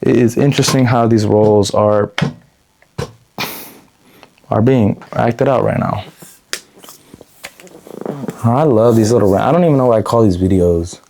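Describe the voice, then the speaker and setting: A young man talking straight to camera in an unedited vlog, blunt and profane, rambling with restarts and a pace that speeds up and slows down. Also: lowish voice, vocal fry, dark tone, slight background noise. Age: young adult. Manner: quick, shifting pace; frequent restarts and self-corrections. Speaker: vlogger.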